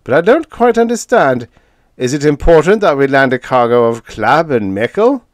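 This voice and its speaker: Man voicing a naive young spaceman, high voice, eager, distracted, dry close sound. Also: big pitch swings, normal speed, dry recording, close to an everyday voice. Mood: polite puzzled. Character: young naive male second mate, earnest.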